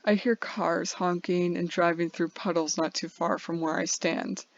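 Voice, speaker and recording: A woman reads a first-person short story aloud in an earnest, even way, now and then stumbling and restarting a word. The recording is dry, with no room echo. The sound is a little dull and lo-fi. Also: lowish voice, measured pace, gravelly. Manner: earnest, with small slips and restarts. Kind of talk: first-person fiction reading.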